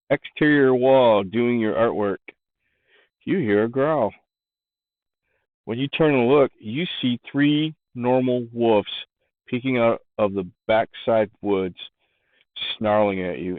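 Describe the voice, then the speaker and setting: A man narrating as game master for a tabletop game in a calm, matter-of-fact way. His voice comes through a thin, phone-like call line, dry with no room sound around it. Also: medium pitch, no room sound. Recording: dry, phone-like voice chat audio.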